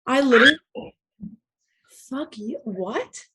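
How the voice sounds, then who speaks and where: A woman co-hosting a podcast in casual chat, animated and quick to react. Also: a little high. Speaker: podcast co-host.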